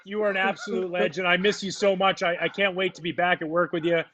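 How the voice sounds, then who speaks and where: A man's voice: high voice, level tone, fast, a bit bright, dull audio. A man hosting a casual interview chat over a video call, upbeat and effusive. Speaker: host.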